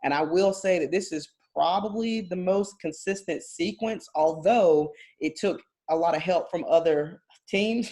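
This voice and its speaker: A woman's voice: fairly low pitch, measured pace, few pauses, mellow. A woman co-hosting a casual sports podcast, talking in long rambling turns, hedging often and laughing between thoughts. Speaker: podcast co-host.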